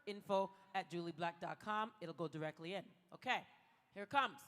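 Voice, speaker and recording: A woman's voice: fairly low pitch, normal speed, fairly bright tone. A woman giving a playful motivational speech at a gala and leading the audience through spoken mantras. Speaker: gala speaker. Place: large event hall. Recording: echoey hall with music.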